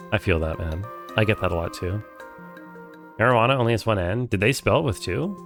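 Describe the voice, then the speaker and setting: Lively, chatty male streamer. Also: on the low side, normal speed, music in the background. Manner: chatty, reads game dialogue aloud, greets chat. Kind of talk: casual live game playthrough chat.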